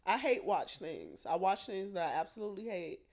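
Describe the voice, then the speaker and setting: A young adult woman co-hosting a podcast, telling stories in a loud, laughing, profane, animated way. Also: mid-range voice, a little fast. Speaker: podcast co-host. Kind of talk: casual chat.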